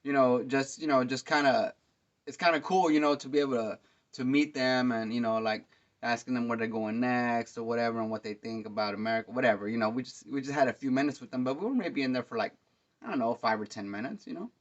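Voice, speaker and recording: A man hosting a podcast, telling concert stories in a rambling, excitable way, full of fillers and slang. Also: mid-range voice, quick pace. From Dallas, Texas. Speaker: podcast host. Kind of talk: casual storytelling monologue. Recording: dull lo-fi sound.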